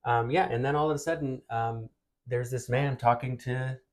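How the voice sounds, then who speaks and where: Rambling American man, mid-pitched. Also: steady tone. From United States. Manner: rambling, halting, with many fillers. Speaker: podcast co-host. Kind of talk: casual chat.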